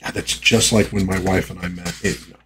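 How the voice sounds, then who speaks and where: A man's voice: deep voice, fairly even intonation, a little fast, background noise. A man casually reviewing an old comic book and reading its panels aloud, chatty and full of asides and fillers.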